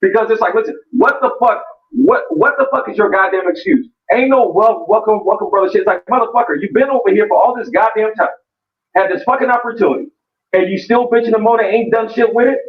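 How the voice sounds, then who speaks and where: Man, profane heated debate, blunt, stammering restarts, high voice, echoey, dull audio. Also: quick pace, distant mic.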